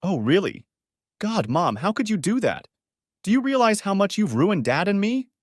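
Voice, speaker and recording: A man's voice: sits high, very animated, moderate pace, dry recording, clean studio sound, voice pushed up. A man voicing an angry daughter who lashes out with contempt at her mother. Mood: scornful. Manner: scornful, name-calling.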